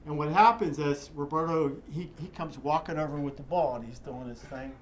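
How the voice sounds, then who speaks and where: A man's voice: a little high, moderate pace, slight background noise. An older man, a guest in an interview, telling long, vivid stories with many restarts. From Pittsburgh area. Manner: vivid, rambling reminiscence with restarts. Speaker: interview guest, charity executive director. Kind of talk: animated storytelling in an interview.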